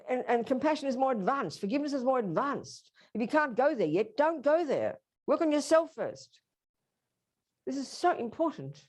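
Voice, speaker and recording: A woman's voice: on the high side, a little mellow. A woman teaching a Buddhist workshop, speaking emphatically and directly to her audience.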